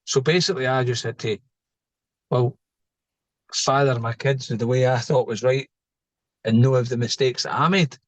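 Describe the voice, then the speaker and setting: A man's voice: mid-range voice, normal speed, pauses often, no room sound. A middle-aged man, a podcast guest telling stories in a casual, joking way and laughing at his own tales. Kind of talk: casual storytelling interview.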